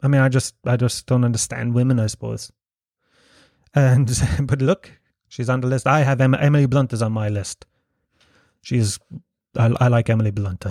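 A man with an Irish accent rants alone into his podcast mic, swearing freely and mocking as he goes. He laughs often between lines. His voice sits at an ordinary middle pitch, and the sound is dry and close. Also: fairly even intonation, normal speed, long pauses, a little mellow, no room sound. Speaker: podcast host. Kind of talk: solo comedic podcast rant.

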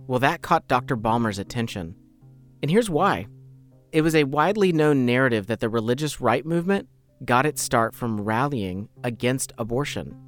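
Man hosting a podcast, calm narration. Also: mid-range voice, normal speed, soft background music. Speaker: podcast host.

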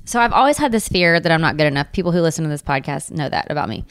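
A woman's voice: low-pitched, lively intonation, racing, no room sound, studio quality. A young woman hosting a podcast, speaking in a heartfelt way with many filler words. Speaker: podcast host. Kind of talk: casual chat.

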